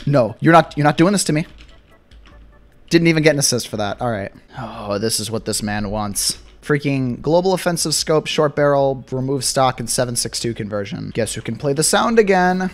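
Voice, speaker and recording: A young man giving casual gameplay commentary, excitable and sarcastic, swinging between mock despair and glee. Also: medium pitch, moderate pace. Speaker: gaming YouTuber.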